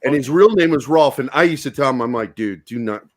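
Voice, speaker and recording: A man co-hosting a podcast, telling a crude high-school story in a profane, animated way. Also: a little fast. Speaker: podcast co-host. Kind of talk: casual storytelling chat.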